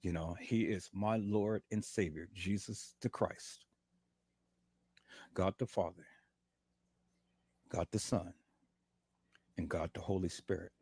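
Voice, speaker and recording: Man hosting a livestream from his bed, hurting, preaching thanks in a husky, dry, close-miked voice. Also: low voice, slow pace, pauses often, a little mellow, no room sound. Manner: fervent, repetitive, calls viewers "peoples". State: in pain, lying in bed. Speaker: livestream host. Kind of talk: preachy testimony to viewers.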